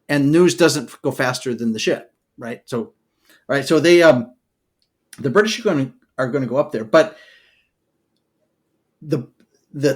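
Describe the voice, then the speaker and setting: A man co-hosting a podcast, telling history as a loose, animated story, full of "okay" and "all right" asides. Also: a little high. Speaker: podcast co-host. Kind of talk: casual storytelling chat.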